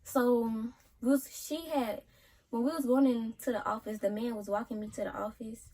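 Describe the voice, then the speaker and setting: A teenage girl, casually telling a story in an animated way for a vlog. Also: on the high side, normal speed, poor audio. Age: teens. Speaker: vlogger.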